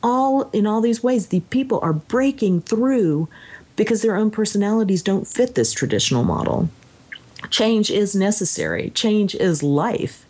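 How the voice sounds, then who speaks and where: With a husky, mid-range voice and a measured pace, a woman co-hosts a casual book chat, thinking over a story she read. She reads passages aloud on occasion and gets animated when quoting them.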